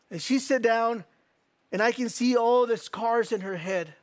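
A man's voice: very high-pitched, normal speed, no room sound. A man preaching a sermon, telling a story and then reading scripture in an earnest, repetitive way. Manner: storytelling, repeats words, earnest. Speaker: pastor.

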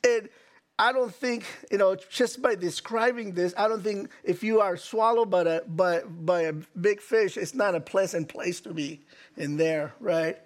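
A male preacher giving an animated sermon, full of stammered restarts and rhetorical questions. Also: sits high, measured pace.

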